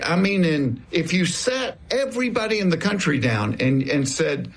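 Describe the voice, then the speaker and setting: A gravelly, slightly husky voice from a man in his sixties with a broad Southern US accent. He tells his stories in an unhurried, folksy way, with a chuckle never far off, the way a comedian talks off-stage to an interviewer. His pitch sits a touch high for a man. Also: lively intonation. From American South. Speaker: comedian guest. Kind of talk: conversational interview storytelling.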